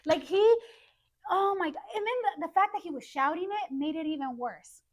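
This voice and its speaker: A woman's voice: very high-pitched, brisk. A woman co-hosting a podcast, telling a story in casual chat and acting out what people said. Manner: animated, acts out quotes. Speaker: podcast co-host.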